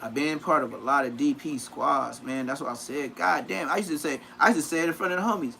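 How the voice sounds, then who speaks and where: A man's voice: a little high, fast, vocal fry, few pauses, slight background noise. A man, telling profane stories on a casual livestream and acting out what people said in a raised voice. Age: 30s. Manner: animated, profane, acts out quotes in a raised voice.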